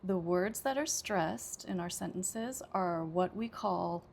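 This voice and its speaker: A woman with an American accent gives an English lesson at a slow, careful pace, pausing often to check in with "okay". Her voice has a gravelly edge of vocal fry. Faint noise sits under the recording. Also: on the low side, darkish tone. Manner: patient, explanatory, frequent "okay" and "uh". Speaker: ESL teacher.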